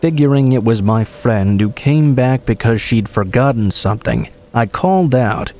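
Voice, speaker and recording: A man reading true horror stories aloud as scripted narration, in a steady, measured way. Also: medium pitch, soft background music.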